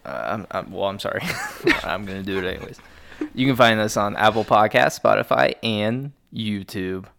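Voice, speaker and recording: A man's voice: lowish voice, moderate pace, creaky, a bit bright. A young man hosting a podcast in casual banter, laid-back and swearing freely. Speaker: podcast host.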